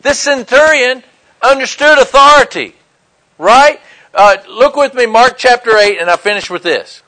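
A man's voice: very high voice, normal speed, sharp tone, low-quality recording. A middle-aged man preaching a sermon, telling stories and acting out the quoted lines. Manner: storytelling with acted-out quotes.

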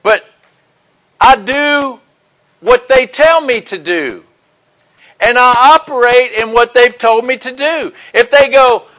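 A man's voice: extremely high pitch, slow, long pauses, pushed and bright, rough recording. A middle-aged man preaching a sermon, telling stories and acting out the quoted lines. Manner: storytelling with acted-out quotes.

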